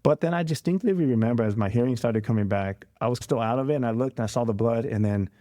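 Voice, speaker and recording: A man as a podcast guest, telling a story in a casual interview, animated and acting out the voices of others. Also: medium pitch, quick pace, no echo, studio quality. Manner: animated retelling, acting out quoted voices, laughing.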